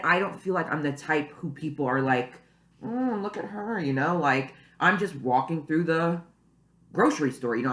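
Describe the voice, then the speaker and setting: A woman's voice: sits low, fairly bright tone. A young woman vlogging casually to camera at home, rambling and chatty with lots of "you know" and "like". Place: at home, early morning. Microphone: camera mic. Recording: echoey room.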